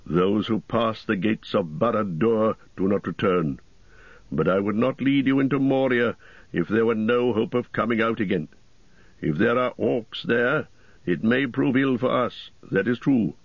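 A man reading the part of a wise old wizard in an audiobook, with a measured, solemn delivery. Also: lowish voice, no echo, highs cut off. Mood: grave. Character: wise old male wizard, grave and commanding.

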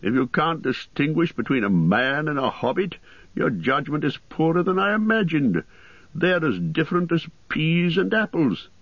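A man's voice: a little high, sing-song, normal speed, no room sound, voice pushed up. A man doing an old, chatty hobbit poet. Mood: indignant. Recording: dry, slightly muffled studio audio.

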